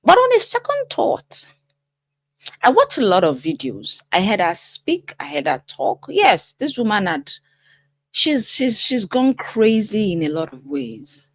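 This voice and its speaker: A middle-aged woman hosting her own channel as a life coach, talking straight to viewers in an expressive, emphatic way. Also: medium pitch, unhurried, no room sound. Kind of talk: casual commentary to camera.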